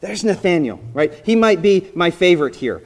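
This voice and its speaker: A man preaching a sermon in a conversational storytelling manner, briefly acting out the people in the story and dropping to a soft voice for emphasis. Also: sits high, big pitch swings, moderate pace. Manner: conversational storytelling, voicing biblical characters, drops to soft emphasis. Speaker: pastor.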